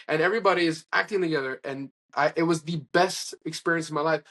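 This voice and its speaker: A man's voice: fairly high pitch, fast, hardly any pauses. A man being interviewed, telling stories in a casual, rambling way with many restarts and quoted dialogue. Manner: rambling, animated anecdotes with restarts and acted-out quotes. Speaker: interview guest. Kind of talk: casual conversational storytelling.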